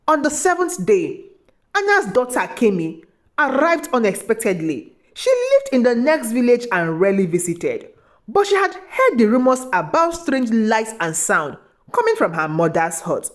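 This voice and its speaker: Expressive woman storyteller, very lively pitch. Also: normal speed. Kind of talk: scripted story narration.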